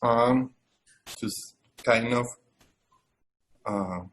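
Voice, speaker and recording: A man's voice: medium pitch, very slow, a bit bright. A man hosting a live video-call webinar, talking with effusive enthusiasm and frequent restarts. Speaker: webinar host.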